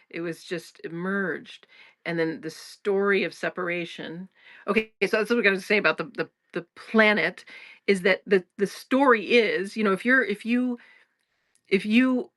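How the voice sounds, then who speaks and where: A woman's voice: medium pitch, fairly bright tone, no room sound, clean studio sound. A woman hosting a spiritual talk in a casual, frank way, swearing freely, laughing often and restarting her sentences. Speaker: spiritual teacher and podcast host.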